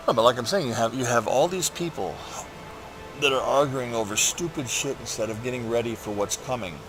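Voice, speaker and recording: A man's voice: mid-range voice, brisk, over music. A man hosting a gaming channel, rambling through a personal update while he plays, swearing often and ranting with frustration.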